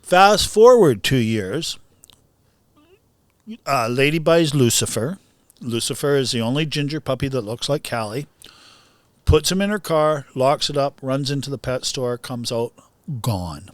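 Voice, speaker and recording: A man spins stories in a relaxed podcast chat, often laughing and rising into animated bursts. His voice sits in an average pitch range, recorded close and dry with no room sound. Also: normal speed, dry recording. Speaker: podcast guest, boxing trainer. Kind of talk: casual chat.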